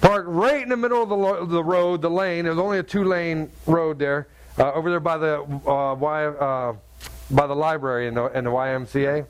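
Animated higher-voiced preacher telling a story. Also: male voice, moderate pace, smooth. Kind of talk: sermon.

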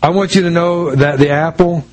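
Conversational preacher telling a story. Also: male voice, on the high side, steady tone, normal speed, poor audio. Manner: conversational storytelling with many restarts; acts out quoted voices in dialogue. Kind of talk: sermon with personal story.

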